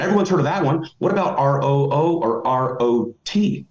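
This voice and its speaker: A man's voice: medium pitch, animated, moderate pace, a little mellow. A middle-aged man giving motivational advice as a podcast guest, emphatic and folksy. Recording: roomy, dull lo-fi audio.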